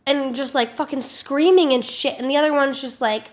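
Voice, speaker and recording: A young woman streamer telling a casual story to her chat, animated and swearing a lot. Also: high-pitched, quick pace, hardly any pauses. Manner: animated, swears a lot, acts out loud kids.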